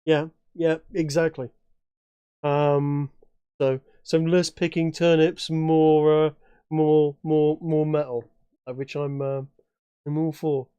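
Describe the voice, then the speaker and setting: A man's voice: a little high, little pitch movement, takes it slowly, mellow, clear, resonant tone, no room sound, lo-fi sound. A man from England chatting as a player in a tabletop game, rambling with many restarts and fillers. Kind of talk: casual chat at a tabletop game.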